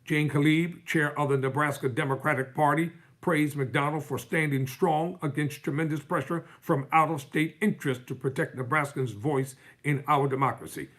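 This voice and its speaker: Husky man reading news with fiery commentary. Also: fairly high pitch, steady tone, normal speed, few pauses, a bit bright. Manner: fiery, sarcastic, mocking. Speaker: live-stream host. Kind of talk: reading news articles aloud with heated commentary.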